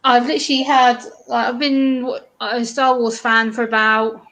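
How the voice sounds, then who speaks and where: A guest YouTuber from England with an eastern English accent chats casually on a live stream and laughs often. Her voice sits a little high, with a level tone, a moderate pace, and a fairly bright quality.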